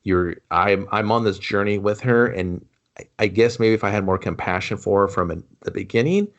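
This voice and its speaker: A man's voice: lowish voice, normal speed, highs cut off. A man co-hosting a casual movie review chat, rambling and acting out characters' lines. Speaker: podcast co-host.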